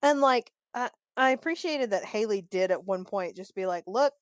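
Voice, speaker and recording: A chatty woman talking through a TV episode with a co-host, animated and quick to act out lines. Her voice sits at a middling pitch and is recorded very dry and close. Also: clear, resonant tone, dry recording. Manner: chatty and animated, acts out quoted lines, openly annoyed. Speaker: podcast co-host recapping a TV episode. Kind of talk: casual chat.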